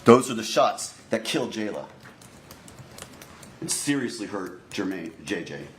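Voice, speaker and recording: A male prosecutor delivering a deliberate opening statement to a jury, repeatedly addressing the jurors directly. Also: lowish voice, very animated. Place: courtroom. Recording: echoey courtroom recording, faint noise.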